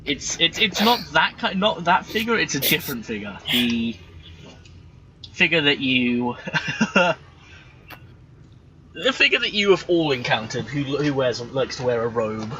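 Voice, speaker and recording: A man running a tabletop game as game master over a voice call, talking in halting bursts full of restarts. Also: medium pitch, expressive, sharp tone. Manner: halting, with many restarts and stammers. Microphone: computer microphone on a voice call. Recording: dull voice-chat audio with faint noise.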